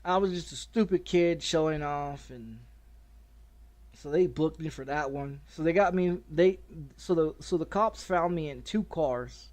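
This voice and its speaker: Male game streamer, higher voice, rambling and profane, casual storyteller. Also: measured pace, a little mellow. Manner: profane and rambling, with many restarts.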